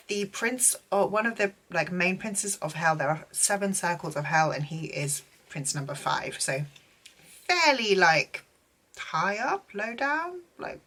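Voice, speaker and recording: A woman's voice: on the low side, fairly bright tone. A young woman giving a casual, gushing book recap, full of filler words. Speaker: book vlogger.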